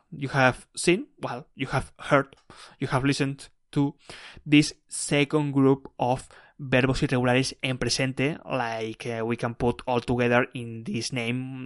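Slow, patient Spanish-native teacher. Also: male voice, medium pitch, dry recording, clean studio sound. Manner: slow, patient, repeats words for the learner. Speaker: podcast teacher. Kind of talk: language lesson podcast.

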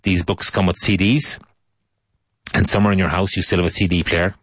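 A man with a very low voice leads an English lesson, saying each word and sentence more than once, slowly and clearly, so learners can repeat after him. The sound is close and dry, with no room around it. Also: level tone, a bit bright, no room sound. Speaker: English teacher. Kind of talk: language lesson with spoken drills.

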